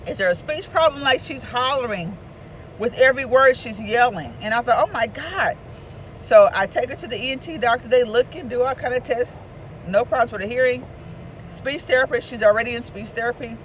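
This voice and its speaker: A woman, an author and speaker, telling a lively personal story and hollering out the voices she quotes. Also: fairly high pitch, a little fast, a little hiss or hum. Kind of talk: casual storytelling.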